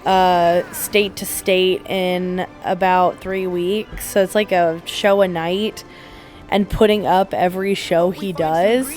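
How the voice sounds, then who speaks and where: A woman's voice: fairly low pitch, fairly even intonation, slow pace, a little mellow, faint music behind. A woman co-hosting a gaming podcast, chatting casually during a playthrough and retelling stories with acted-out quotes. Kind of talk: casual chat over a game playthrough.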